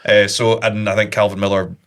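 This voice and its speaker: Bright-toned football commentator. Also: male voice, on the low side, level tone, a little fast. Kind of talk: football analysis chat.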